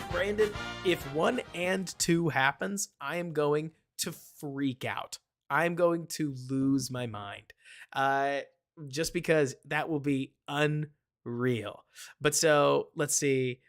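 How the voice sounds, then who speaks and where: A man hosts a live sports stream in a fairly high voice. He rambles from point to point and answers viewers by name. His delivery stays animated and casual. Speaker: host of a live football stream.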